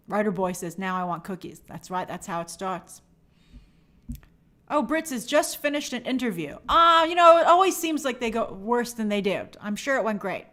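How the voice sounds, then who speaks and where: A woman hosting a casual livestream, reading viewer comments aloud and answering them chattily. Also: on the high side. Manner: animated, bubbly sign-offs. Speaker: host.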